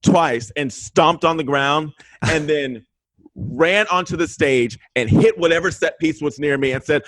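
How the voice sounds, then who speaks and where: Animated guest telling a story, slightly high voice. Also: male voice, normal speed, no echo, poor audio. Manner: animated, profane, acts out quotes loudly. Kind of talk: casual storytelling. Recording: remote link.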